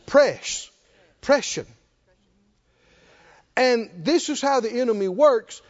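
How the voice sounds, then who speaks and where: High-voiced animated man preaching. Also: slow pace, muffled recording. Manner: animated call-and-response preaching, chuckling often. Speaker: pastor. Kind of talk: sermon.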